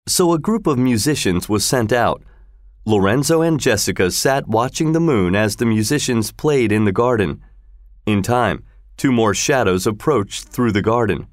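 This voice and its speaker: A man narrating a storybook chapter in a clear, expressive way. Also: lowish voice, moderate pace, no echo, clean studio sound. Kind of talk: storybook reading.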